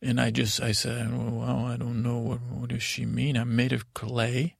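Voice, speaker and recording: A man plays a naive young prince telling his story in improvised comedy, halting and full of restarts. His voice is heavily gravelly. The sound is dry and close. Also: mid-range voice, monotone, no echo. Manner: halting, rambling, with many restarts and fillers. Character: naive boy prince Tommen narrating. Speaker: comedic narrator in character.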